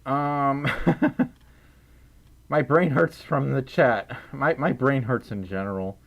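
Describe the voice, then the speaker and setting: A livestream host from Mississippi, with a Southern US accent, sits indoors at home wearing a fursuit head and reads out donations and chat. He is silly and giggly and speaks slowly in a mid-range voice with vocal fry.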